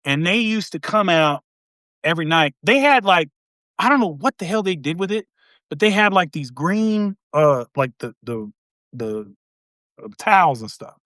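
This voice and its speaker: A man's voice: on the high side, lively intonation, normal speed, a bit bright, no echo, studio quality. A man in his late forties hosting a casual chat, a Marine veteran telling rambling stories. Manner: rambling, lots of fillers and restarts.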